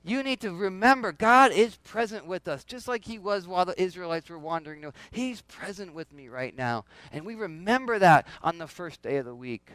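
A man preaching to his congregation in a loose, conversational way, repeating phrases and calling out questions. His voice sits high and sounds smooth and clear. The recording is dry and close, with no room echo. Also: lively intonation, normal speed, few pauses, fairly bright tone. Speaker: pastor. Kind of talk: sermon.

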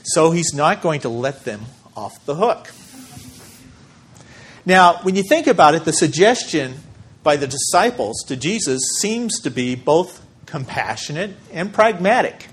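A man preaching a sermon as pastor, measured and emphatic, with deliberate pauses for weight. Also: on the high side, expressive, husky.

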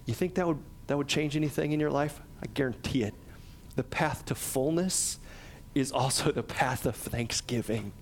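A middle-aged man, a pastor, preaching a conversational sermon and acting out quotes with lively energy. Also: moderate pace, a little hiss or hum. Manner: conversational and animated, acts out quotes with a higher voice.

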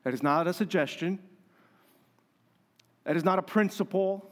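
A pastor preaching a conversational, emphatic sermon with humor and rhetorical questions. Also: male voice, sits high, moderate pace.

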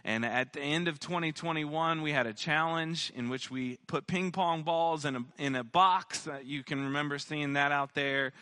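Bright-voiced male pastor, dry sound. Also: a little high, moderate pace, few pauses, dry recording. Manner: year-in-review church announcements, fillers and throat clearing. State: losing his voice. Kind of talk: sermon. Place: church sanctuary.

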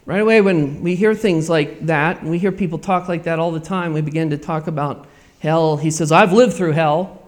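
A man with a high voice delivers a sermon to his congregation. He preaches earnestly and repeats himself, dropping to a hush and then rising to loud emphatic bursts. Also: fairly even intonation, normal speed. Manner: earnest, repetitive preaching with dramatic swings in loudness. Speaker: pastor.

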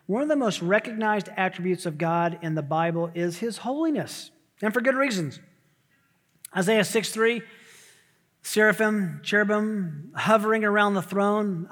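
A male pastor preaching a sermon, swinging from loud repeated shouts to hushed near-whispers. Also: high voice, moderate pace, in a large hall.

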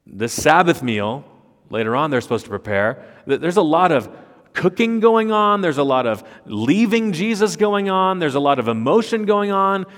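A man's voice: a little high, expressive, moderate pace, fairly bright tone. A man preaching an expository sermon, emphatic, with rhetorical questions and repeated words. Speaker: pastor. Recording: long reverb of a large hall.

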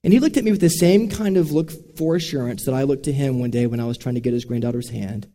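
A man's voice: mid-range voice, fast talker, dark tone. A man preaching a sermon, telling stories in an earnest, direct way from a church sanctuary. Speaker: pastor. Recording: long reverb of a large hall.

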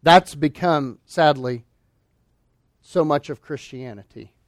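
A man preaching a sermon, emphatic, asking rhetorical questions and swinging between loud declarations and hushed asides. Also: fairly high pitch, takes it slowly, dry recording, studio quality. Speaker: pastor.

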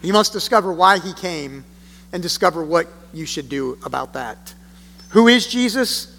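A high-voiced man preaching from scripture, earnest and emphatic, with deliberate pauses. He reads passages aloud before explaining them as a pastor. His voice rings out with a long reverb in a church sanctuary. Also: expressive, vocal fry, a bit bright. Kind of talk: sermon with scripture reading. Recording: long reverb of a large hall.

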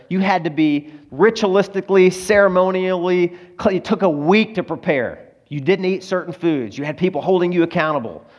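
In a muffled recording, a man preaching as a pastor swings from loud, emphatic passages to quiet, low ones. Emotion runs high, and he sounds close to crying.

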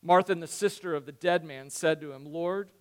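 Animated high-voiced male pastor preaching. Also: fairly quick. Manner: animated, acts out Bible dialogue, drops to hushed tones for emphasis. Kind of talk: sermon.

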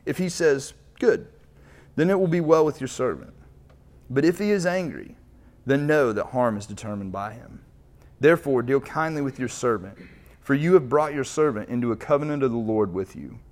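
A man's voice: mid-range voice, animated, normal speed, a little mellow. A man preaching as pastor, reading scripture aloud and retelling it in casual everyday speech.

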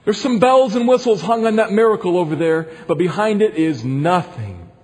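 A man's voice: high voice, lively intonation, moderate pace, darkish tone. A male pastor preaching an earnest sermon, repeating phrases, in a long echoing hall.

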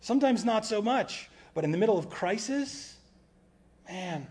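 A man delivering a sermon in an informal, conversational voice that sits a bit high for a man. He sometimes drops quiet and low to stress a point. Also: expressive, unhurried. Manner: conversational preaching, acts out quoted voices. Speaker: pastor.

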